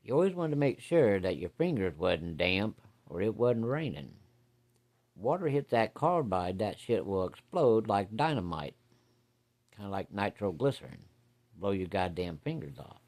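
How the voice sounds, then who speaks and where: A man spinning a folksy yarn in an easy, unscripted way. His voice sits a touch low, and his talk is salty and blunt, with plenty of cussing. He keeps the story rolling along casually. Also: very animated, measured pace, darkish tone. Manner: folksy, salty, uses profanity.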